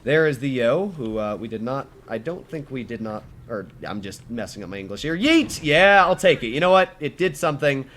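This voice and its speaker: A man's voice: mid-range voice, expressive, brisk, hardly any pauses, a bit bright. A young man giving casual, chatty commentary over his own tank gameplay, correcting himself and humming as he plays. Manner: chatty, self-correcting, hums tunes while playing. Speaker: gaming YouTuber.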